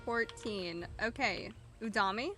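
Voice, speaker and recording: A young woman running a tabletop game as dungeon master, playful and quick with her questions, laughing often. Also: medium pitch, pushed and bright, faint music behind.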